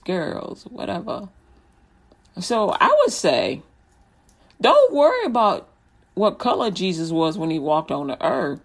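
A woman hosting a Christian radio show, preaching in a casual, joking way, often laughing and acting out little scenes as she talks. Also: medium pitch. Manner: laughs often, storytelling with acted-out quotes.

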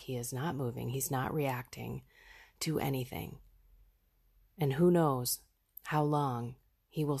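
Slow, low-voiced earnest woman. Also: gravelly, a little mellow, slightly rough. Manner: earnest, heartfelt, unhurried. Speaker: podcast host. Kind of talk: raw personal reflection.

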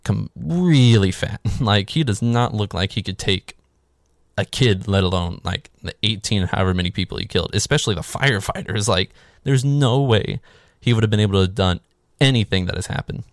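A man's voice: lowish voice, brisk, no echo, studio quality. A man casually recapping a horror movie in a sarcastic, swearing, offhand way. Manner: sarcastic, swears freely, filler "like".

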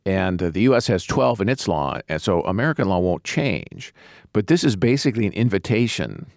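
A man hosting a political discussion podcast, his voice hoarse, talking in a halting way with many fillers and restarts. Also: deep voice, sing-song, darkish tone, dry recording, studio quality. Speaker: podcast host.

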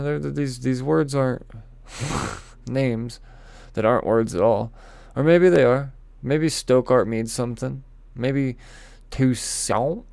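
A comics vlogger with a mid-range, darkish voice and vocal fry, recorded with no room sound, rambles casually through comic previews. He stumbles over names, swears, and jokes at his own expense.

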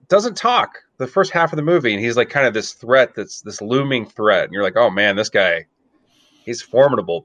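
A man's voice: lowish voice, pushed and bright, dry recording, highs cut off. A man co-hosting a movie podcast, chatting casually with a wry, joking manner. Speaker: podcast co-host.

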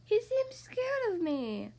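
A woman voicing a small kind young male fish in a storybook reading, soft and slow. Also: very high-pitched, big pitch swings, voice pushed up, full character voice, poor audio. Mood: gentle.

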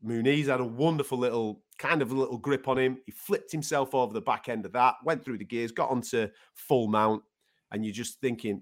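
Casual sports chat, guy, animated, swears, acts out quotes. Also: fairly low pitch, a little fast. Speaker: podcast co-host.

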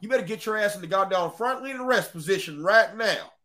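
A man's voice: high voice, brisk, bright, forceful tone. A man playing a bored veteran guarding a school, barking profane drill-sergeant orders. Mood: yelling.

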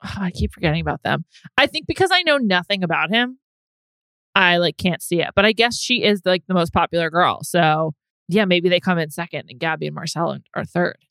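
A young woman co-hosting a podcast chats casually, animated and quick to laugh. Her voice is fairly low in pitch, captured in a dry recording.

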